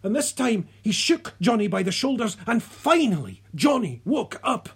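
A narrator reading a story aloud in a soft, unhurried way, sometimes dropping to a whisper. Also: mid-range voice, sing-song, husky. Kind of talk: audiobook narration.

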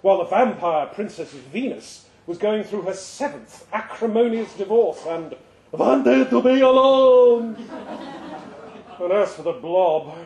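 A man giving a lively, expressive live reading of a short story at a pub event. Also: high voice, unhurried. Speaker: reader. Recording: roomy live venue sound.

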